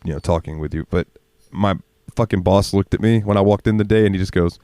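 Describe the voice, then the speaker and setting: Man, very low voice, dry close mic; rambling, profane podcast storyteller who laughs often. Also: fast, dark tone, dry recording. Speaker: podcast co-host. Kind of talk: casual storytelling chat.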